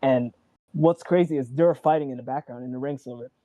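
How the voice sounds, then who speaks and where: A man in casual chat about wrestling, rambling and excitable, acting out quotes and swearing. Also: medium pitch, a little fast, low-quality recording. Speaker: wrestling show co-host.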